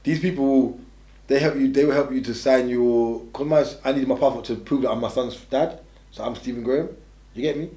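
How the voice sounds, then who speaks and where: Fast-talking blunt man, roomy sound. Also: mid-range voice, fairly even intonation, mellow. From England. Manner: blunt, rambling, restarts a lot. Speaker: interviewee. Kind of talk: candid storytelling. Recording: roomy echo.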